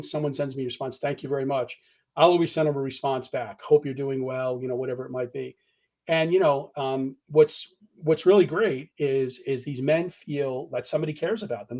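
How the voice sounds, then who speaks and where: A man's voice: medium pitch, muffled recording. A man answering as a podcast interview guest in an earnest, conversational way, restarting phrases often, acting out phone calls, and checking in with "all right?". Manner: many restarts, tags points with "all right?". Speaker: guest discussing fraternity membership.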